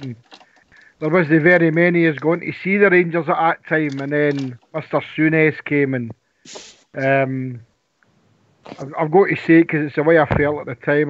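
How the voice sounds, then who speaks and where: Earnest man reminiscing. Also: on the high side. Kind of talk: casual fan chat. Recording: dry lo-fi sound.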